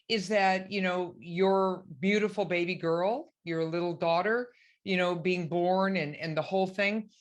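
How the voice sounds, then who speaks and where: A woman doctor talking as a podcast guest, emphatic and encouraging, acting out other people's thoughts as she speaks. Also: medium pitch. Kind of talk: animated conversational advice.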